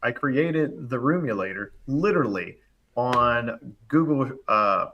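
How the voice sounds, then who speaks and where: Animated man telling a story on a live show. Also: mid-range voice, dull audio, slight background noise. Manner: animated, fast storytelling full of "like" and acted-out quotes. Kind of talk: casual storytelling chat. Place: live online show, remote.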